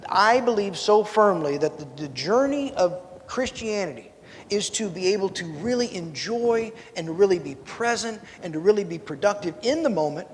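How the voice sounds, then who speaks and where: A man's voice: sits high, big-room sound, slight background noise. A man from rural Missouri teaching a Bible class in a church, telling personal stories with self-deprecating asides and building to preachy emphasis. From rural Missouri, USA.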